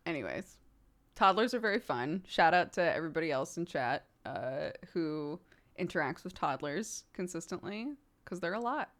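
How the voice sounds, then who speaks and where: A woman streamer in her thirties talks casually with her chat. Her pitch swoops up and down a lot, and she rambles along and laughs often. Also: lively intonation, normal speed, a bit bright. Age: 30s.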